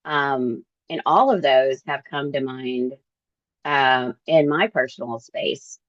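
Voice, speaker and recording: Slow, halting middle-aged woman. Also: a bass voice, no room sound, muffled recording. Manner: halting, reflective, many fillers. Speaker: book club member. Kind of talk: casual group discussion.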